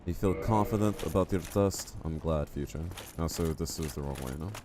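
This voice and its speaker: A man's voice: rumbling low, fairly quick, background noise. A man streaming a game live, chatting casually and joking with his viewers. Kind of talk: casual live-stream chat while playing.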